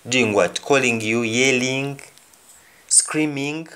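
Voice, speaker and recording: A man with a Jamaican accent teaching a language lesson, repeating each phrase slowly and then translating it. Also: medium pitch, sharp tone, smooth. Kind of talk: slow spoken language lesson.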